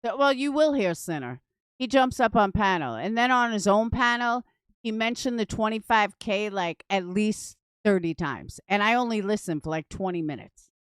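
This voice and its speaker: A woman's voice: mid-range voice, animated, normal speed, smooth, no room sound. A woman hosting a drama commentary channel, reading chat messages aloud with dry, sarcastic asides.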